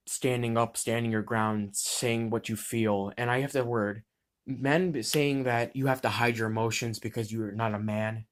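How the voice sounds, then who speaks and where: Heated, foul-mouthed teenage boy. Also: medium pitch. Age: teens. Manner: blunt, heated, swears freely, restarts mid-word. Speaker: student vlogger. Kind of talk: impassioned personal monologue.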